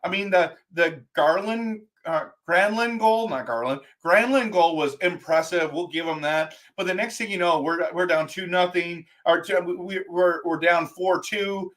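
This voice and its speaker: High-pitched man, livestream host, fan rant, exasperated and animated. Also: moderate pace, hardly any pauses. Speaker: live stream host. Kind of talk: post-game fan talk.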